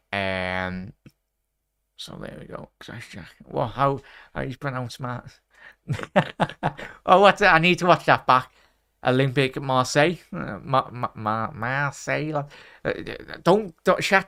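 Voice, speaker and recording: Man, quiz host, casual stream chat, rambling, self-correcting, mid-range pitch. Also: gravelly, a bit bright, clear, resonant tone. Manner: chatty, rambling, corrects himself often.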